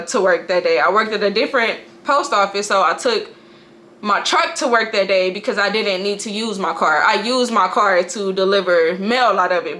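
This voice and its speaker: A mother speaking to camera about a personal loss, halting and emotional, often restarting her sentences. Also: mid-range voice, sharp tone. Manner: halting, emotional storytelling with frequent restarts and profanity.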